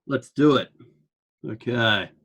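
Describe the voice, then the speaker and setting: A man's voice: medium pitch, takes it slowly, a bit bright, slightly rough. A man with an Australian accent giving an online lecture in a flippant, joking way.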